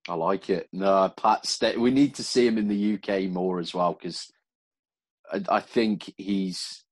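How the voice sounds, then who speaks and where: A man's voice: low-pitched, a little slow, dry recording. A man hosting a podcast interview, asking questions in an easygoing, hesitant way with many fillers. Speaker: podcast host. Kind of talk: casual interview chat.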